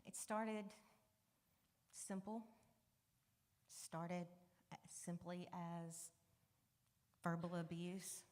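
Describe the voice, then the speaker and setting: A woman speaks candidly to a congregation, telling her own story in a conversational way. Her voice sits on the low side, and at hard moments it sinks almost to a whisper. The church hall adds a long, ringing reverb. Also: steady tone, extremely slow, long pauses, darkish tone. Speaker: guest speaker sharing a testimony. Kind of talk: personal testimony to a congregation. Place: church sanctuary.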